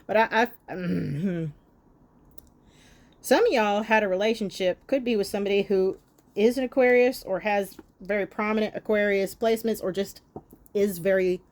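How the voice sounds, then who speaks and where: A woman's voice: medium pitch, a little mellow. A woman doing a tarot reading monologue, talking bluntly and scolding her listeners with plenty of profanity. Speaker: tarot reader.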